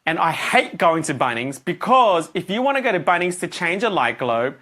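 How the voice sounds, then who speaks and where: Aussie guy coaching, tells a long story, fairly high voice that jumps up when he acts things out. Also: normal speed, hardly any pauses. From Australia. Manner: animated, acts out his own reactions and voices.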